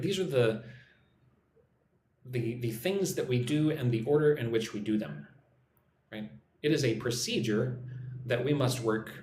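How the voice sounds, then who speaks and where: A man's voice: medium pitch, a little mellow. A man leads a live-streamed English lesson, his voice rising and falling a lot as he reads chat messages aloud and checks in with "right?". He is recorded in an echoey room with faint background noise. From United States. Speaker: online English teacher. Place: room in Vietnam.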